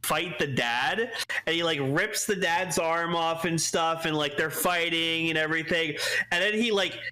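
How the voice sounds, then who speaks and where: Rambling bright-voiced young-sounding man. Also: a little high, unhurried, clear, resonant tone. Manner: rambling, heavy use of "like" and swearing. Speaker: podcast co-host. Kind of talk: casual chat.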